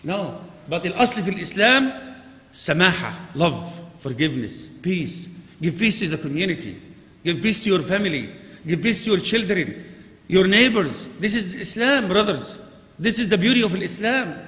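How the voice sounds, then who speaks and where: Preacher in an echoing mosque. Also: male voice, expressive, moderate pace. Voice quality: non-native English with Arabic phrases. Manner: swings from loud emphatic urging to low quiet asides. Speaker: imam giving a Friday sermon. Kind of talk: sermon. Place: large mosque prayer hall. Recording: echoey mosque hall with long reverb.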